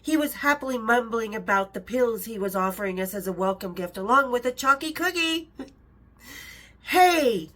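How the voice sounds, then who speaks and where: A woman's voice: fairly high pitch, expressive, normal speed, fairly bright tone. A middle-aged woman reading her own memoir aloud, breaking off for chatty asides and laughs. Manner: chatty, laughs between passages, self-interrupting. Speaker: author and storyteller.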